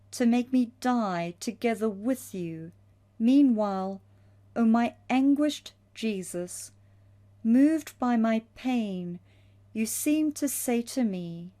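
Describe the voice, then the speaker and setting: A woman's voice: fairly high pitch, mellow. A woman reading a devotional prayer in a reverent, earnest voice.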